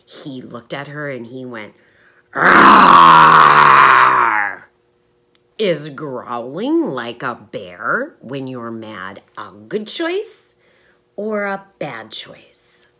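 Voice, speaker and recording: Brief: a low-voiced teacher telling stories to little kids, slow, animated delivery. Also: female voice, husky. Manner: asks the children questions and pauses for answers. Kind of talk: storytelling lesson for young children.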